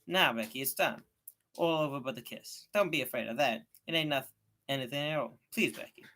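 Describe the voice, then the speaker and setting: A man's voice: medium pitch, fairly even intonation, moderate pace, fairly bright tone, close to an everyday voice. A man voicing an eager, coaxing young boy in a storybook reading.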